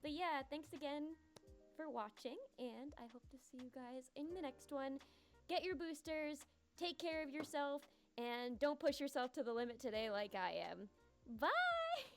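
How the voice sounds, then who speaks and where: Woman w a high voice, earnest and gently encouraging, a bit groggy and subdued. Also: moderate pace, music in the background. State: subdued and groggy after a booster shot. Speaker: video essay host. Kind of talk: scripted video outro, then casual chat.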